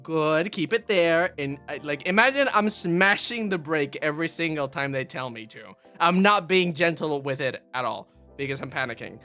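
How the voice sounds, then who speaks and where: Bright, lively streamer telling a story. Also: medium pitch, moderate pace, hardly any pauses, soft background music. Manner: animated, laughs often, self-mocking. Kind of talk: casual storytelling to chat.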